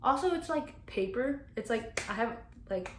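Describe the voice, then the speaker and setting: A woman's voice: a little high, moderate pace, a little hiss or hum, low-quality recording. A young woman vlogging about books in a casual, rambling way, full of fillers and swearing. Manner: rambling, filler-heavy, excitable retelling with frequent likes and swearing. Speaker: book vlogger. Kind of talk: casual chat.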